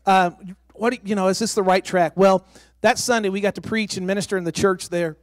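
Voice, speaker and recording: A missionary and former pastor with a high voice speaks a little fast, giving an emphatic, emotional testimony in a church sanctuary. Excitable, he's close to breaking into tears, and the recording has no echo.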